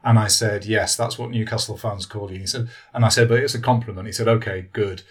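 A man's voice: lowish voice, fairly even intonation, brisk. A male football journalist chatting as a podcast guest. He tells anecdotes and gives the quoted people their own lines. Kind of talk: casual football podcast chat.

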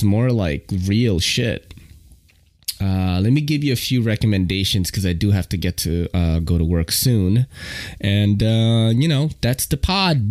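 A young man with a lowish voice rambles through a solo podcast, full of slang and casual swearing. The sound is close and dry, with no room around it. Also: darkish tone, no room sound. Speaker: podcast host.

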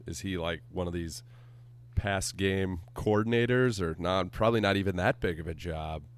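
A man's voice: low-pitched, normal speed, clear, resonant tone. A man co-hosting a casual sports podcast, blunt and sarcastic, swearing freely. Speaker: podcast co-host.

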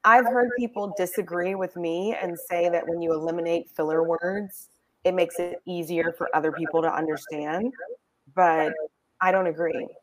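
A woman's voice: fairly low pitch, fairly even intonation, normal speed. A woman guest co-host in a casual chat on a video call, asking curious short questions.

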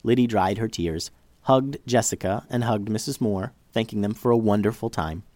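A man reading a children's story aloud in an expressive, animated way. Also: fairly low pitch, moderate pace, dry recording.

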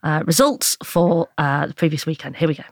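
A woman putting on a posh sports broadcaster voice, reading out scores slowly and deliberately. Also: sits low, lively intonation, no echo, studio quality, voice pushed down. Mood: mock-formal.

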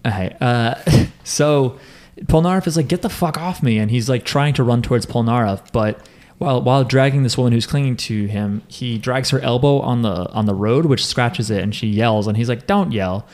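A young man rambles through a casual podcast recap, cracking jokes and swearing as he goes. He talks at a middling pitch. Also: normal speed, darkish tone. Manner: joking, rambling, swears freely. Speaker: podcast host. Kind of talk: casual chat recapping an anime.

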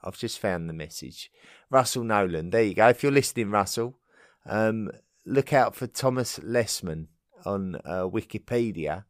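A man's voice: fairly low pitch, expressive, moderate pace, no echo, studio quality. A man hosting a history podcast, chatting unscripted and friendly, often restarting his sentences as he reads listener messages. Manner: rambling, self-correcting, friendly. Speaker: podcast host. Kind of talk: unscripted casual chat.

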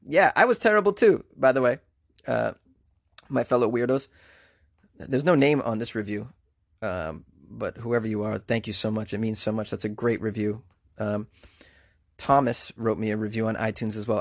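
A male podcast host talking in a loose, rambling way, full of fillers and shout-outs to listeners. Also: fairly low pitch, animated, moderate pace, gravelly, no room sound, clean studio sound. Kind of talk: casual podcast chat.

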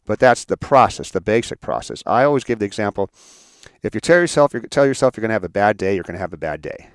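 A man with a fairly low voice tells a personal story to an audience, halting and repeating words as he goes. His delivery is heartfelt, and the sound is dry and close. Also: big pitch swings, clean tone, no room sound. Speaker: speaker telling his life story. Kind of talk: personal story in a motivational talk.

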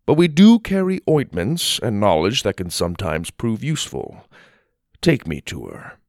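A man doing a calm, wise ambassador. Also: lowish voice, moderate pace, no room sound, clean studio sound.

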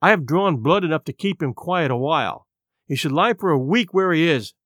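Man doing a blunt bossy doctor, lively up and down, dry sound. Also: on the high side, normal speed, no room sound. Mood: quiet. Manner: firm, scolding. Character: stern country doctor, blunt and lecturing. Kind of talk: audiobook character reading.

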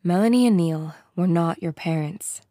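A woman reading an audiobook voicing a tired middle-aged man with a scarred face, calm and weary. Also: fairly low pitch, normal speed, no room sound, studio quality, lightly acted.

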